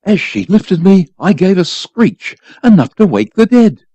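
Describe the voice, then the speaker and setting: A man's voice: high voice, sing-song, a little slow, warm tone, slightly rough, no echo. A man reading a short story aloud for a volunteer radio program, telling it expressively.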